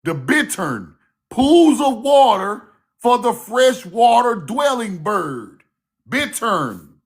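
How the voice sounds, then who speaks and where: A man giving a casual, fiery online lecture, cussing freely, repeating himself and shouting key words. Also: very high-pitched, sing-song, slow pace. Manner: laughs at own points.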